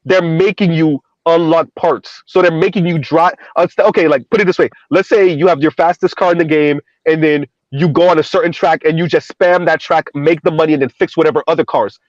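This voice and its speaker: A man's voice: on the high side, steady tone, a little fast, few pauses, dry recording. A man hosting an online panel chat, talking casually and restarting his sentences often. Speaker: show host. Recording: dull dry lo-fi audio.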